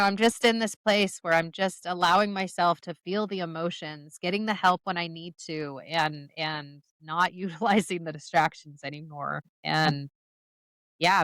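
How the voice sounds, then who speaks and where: A woman's voice: low-pitched, fairly bright tone, clear, resonant tone, dry recording, rough recording. A woman podcast guest speaking reflectively, reading a short poem and then talking with hesitant fillers.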